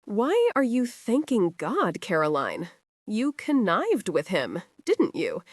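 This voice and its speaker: A woman voicing a petulant, aggrieved young gentleman who rants in a whining, indignant way in an audiobook. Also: medium pitch, wildly swooping pitch, takes it slowly, dry recording, pitched above the performer's own voice, exaggerated voice.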